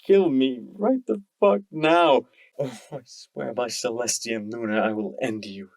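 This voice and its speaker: A man's voice: mid-range voice, measured pace, gravelly, a little mellow. A man doing a desperate grieving young male pony. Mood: furious. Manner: pleading, tearful.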